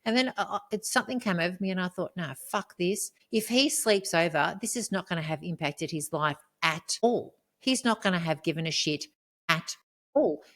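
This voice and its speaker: A woman, co-hosting a podcast, telling a painful personal story in a rambling way, swearing and rising into high outbursts. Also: lively intonation, moderate pace, a bit bright. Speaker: podcast co-host.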